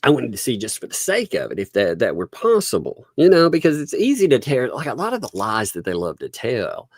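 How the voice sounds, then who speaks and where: A man's voice: mid-range voice, huge pitch swings, brisk, dry recording, studio quality. A man hosting a casual livestream commentary, chatty and laughing often as he talks. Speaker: livestream host.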